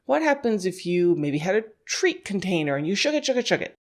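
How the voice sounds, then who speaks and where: Speaking a bit fast in a lowish, slightly mellow voice with big swings in pitch, this dog scent work instructor chats through her training podcast. Her instructional talk is conversational, full of "you know" and "like," and she often laughs as she voices what a dog might be thinking.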